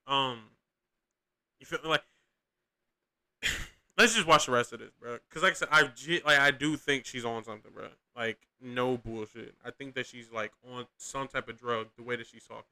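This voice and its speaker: A man's voice: mid-range voice, steady tone, normal speed, bright, forceful tone. A young man hosting a podcast, giving casual, profane, rambling reaction commentary with lots of slang and restarts. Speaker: podcast host reacting to clips.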